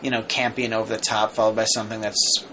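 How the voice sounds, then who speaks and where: A man's voice: on the low side, flat delivery, fast, background noise. A man who is an actor, chatting as a podcast guest in a rambling way, with lots of "you know"s. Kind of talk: casual podcast chat.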